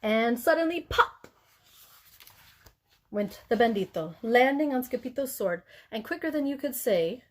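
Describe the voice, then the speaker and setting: List: woman, teacher, picture book read-aloud, expressive, playful, fairly high voice. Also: measured pace. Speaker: elementary school teacher.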